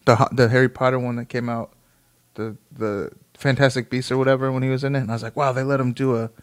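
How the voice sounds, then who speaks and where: A man's voice: mid-range voice, level tone, fast talker, clear, resonant tone. Rambling, swearing man chatting casually. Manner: profane, rambling, laughs often.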